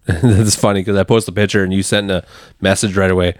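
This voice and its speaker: A man telling relaxed, joking fishing stories in a casual chat. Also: sits low, a little fast, no room sound, clean studio sound.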